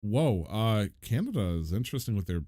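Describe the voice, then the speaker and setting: A man hosting a casual online show, joking around with friends in a loose, lively way. His pitch bounces all over as he talks. The sound is close and dry, with almost no room in it. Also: fairly quick, no echo. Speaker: host. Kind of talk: casual podcast chat.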